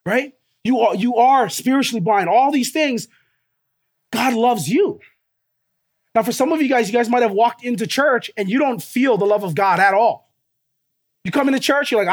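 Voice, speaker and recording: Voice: mid-range voice, animated, moderate pace, pauses often. A preacher giving a sermon with emphatic, repeated phrases and rhetorical questions put to the listeners.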